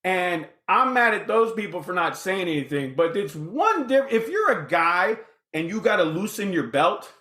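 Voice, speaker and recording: Animated bright-voiced storyteller man. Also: sits high, moderate pace. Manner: animated, acts out the dialogue in his stories. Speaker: podcast guest. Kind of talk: casual storytelling. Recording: roomy echoey room.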